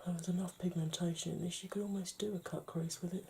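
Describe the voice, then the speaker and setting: Soft-spoken woman doing a makeup tutorial. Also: on the low side, fairly even intonation, fast talker, creaky, a little hiss or hum. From United Kingdom. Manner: chatty, often drops to a whisper while working. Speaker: makeup vlogger.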